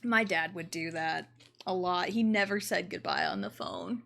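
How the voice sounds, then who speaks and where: A woman hosting her game stream, laid-back and quick to laugh softly. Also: lowish voice, sing-song, creaky. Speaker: streamer host. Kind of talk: casual chat on a game stream.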